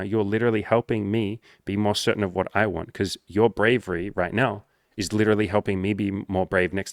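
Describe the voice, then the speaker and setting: Low gravelly man, profane and blunt. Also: no room sound, studio quality. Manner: acts out quoted voices in higher pitch. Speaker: dating and life coach. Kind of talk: casual monologue to camera.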